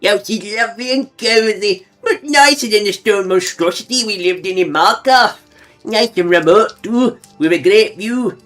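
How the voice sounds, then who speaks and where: A man's voice: high-pitched, moderate pace, a bit bright, faint music behind, voice pushed up. A man doing a snippy farm wife's voice. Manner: snippy and gossipy. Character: fed-up young farm wife reading her diary.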